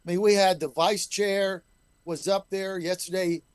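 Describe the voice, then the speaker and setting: Guesting on a call-in talk radio show, a middle-aged state legislator argues in an emphatic, combative way. His high voice is clear and resonant, with a steady tone at a moderate pace, in a dry recording.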